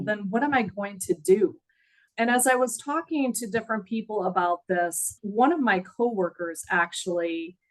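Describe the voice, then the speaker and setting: A woman's voice: mid-range voice, poor audio. Middle-aged woman, interview guest, earnest, emotional, reflective storytelling. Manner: earnest, reflective, laughs at times.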